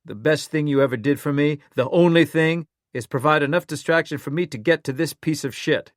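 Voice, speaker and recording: A man's voice: a little high, fairly quick, dry recording, clean studio sound, voice pushed up, close to an everyday voice. A man voicing a vengeful, furious cop. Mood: contemptuous. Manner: threatening, yelling. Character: enraged male detective bent on revenge.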